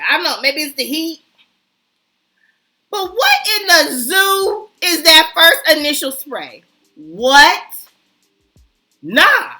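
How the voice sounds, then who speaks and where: High bright-voiced woman chatting about perfume, animated, soft music playing. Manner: chatty, animated, self-mocking, addresses viewers as y'all. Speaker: fragrance vlogger. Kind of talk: casual chat to camera.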